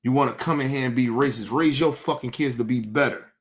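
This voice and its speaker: A man at an ordinary middle pitch rants to his live chat, blunt and full of swearing. He hammers his points and often repeats or restarts words as he presses on. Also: fast. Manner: profane, blunt and emphatic. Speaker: livestream host. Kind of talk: casual rant to a live chat.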